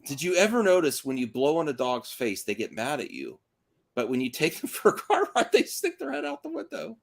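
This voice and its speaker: A man's voice: on the high side, fairly quick, creaky. A man co-hosting a casual livestream, reading listener questions aloud and joking around. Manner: lively, jokey, reads mail aloud.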